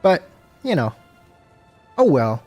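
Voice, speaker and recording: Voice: mid-range voice, very animated, takes it slowly, a little mellow. A laid-back gaming streamer chatting to viewers, with a voice that swings up and down a lot. They curse freely and flare up when something frustrates them. Faint music plays underneath. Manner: swears freely, frustrated outbursts; laid-back, talks to chat. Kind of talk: casual gameplay livestream chat.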